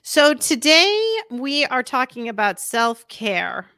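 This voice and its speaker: Bright, candid woman podcast host. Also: sits high, sing-song, slow, clear, resonant tone, no echo, studio quality. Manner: candid and hesitant. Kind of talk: casual chat.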